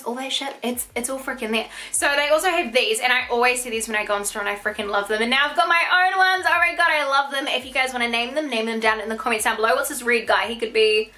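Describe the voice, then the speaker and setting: A young woman, gushing excitedly as she unboxes products for her vlog. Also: a little high. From New Zealand. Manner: gushing, excitable, swears casually. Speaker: beauty vlogger.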